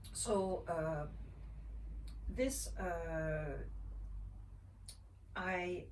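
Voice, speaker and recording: A woman, a mother sharing her own experiences in a gentle, reflective way, often pausing and restarting. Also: medium pitch. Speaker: mother sharing parenting tips. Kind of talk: casual personal storytelling. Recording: voice a little far from the mic, faint ambient noise.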